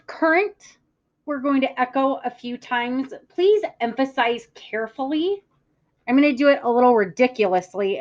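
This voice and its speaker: A woman teacher giving a classroom vocabulary lesson, speaking clearly and deliberately, stressing words for the class to echo. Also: a little high. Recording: muffled lo-fi audio.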